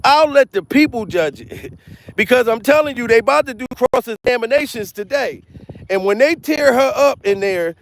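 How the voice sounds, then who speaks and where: A man doing a loud, profane comedic commentary vlog, repeating himself and laughing between rants. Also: extremely high pitch, expressive, moderate pace, vocal fry. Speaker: comedian vlogger. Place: outdoors.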